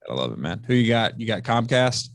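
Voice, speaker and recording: A man, a high school football coach, talking bluntly and swearing freely as a podcast guest over a remote call. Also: big pitch swings, brisk, vocal fry, no room sound, clean studio sound. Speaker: football offensive coordinator, guest. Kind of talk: casual podcast chat.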